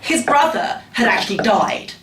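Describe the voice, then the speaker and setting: Animated, profane man telling stories. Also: sits high, moderate pace, over a noisy crowd. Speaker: tabloid journalist guest. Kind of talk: candid interview storytelling. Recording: roomy sound, distant mic.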